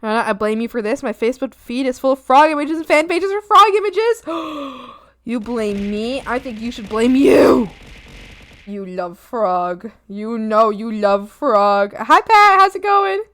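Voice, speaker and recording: Woman art streamer: high, lively voice, goofy banter with chat. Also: normal speed. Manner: playful and silly, with squeals and giggles. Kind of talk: casual chat with stream viewers.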